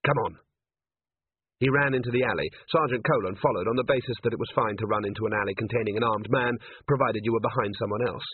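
A man narrating an audiobook in a lively, expressive manner. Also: on the low side, fast talker, few pauses, a little hiss or hum. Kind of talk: audiobook reading. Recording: tinny phone-like sound, dry.

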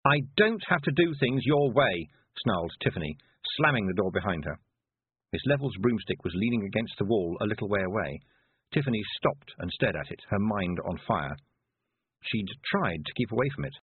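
Husky, expressive male audiobook narrator. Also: deep voice, fairly quick, dry recording. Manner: expressive, storytelling. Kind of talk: audiobook reading. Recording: dry, phone-like narrow sound.

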